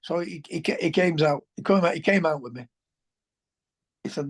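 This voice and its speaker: A man, a former footballer telling colloquial, animated anecdotes as an interview guest. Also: fairly high pitch, normal speed, pauses often, husky. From England. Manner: animated, colloquial, swears, restarts sentences. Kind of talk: anecdotal storytelling.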